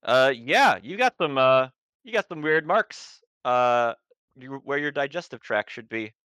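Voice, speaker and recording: A man acting as game master of a tabletop horror game, improvising with halting, repeated words. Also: medium pitch, lively intonation, bright, forceful tone, clean tone, no echo.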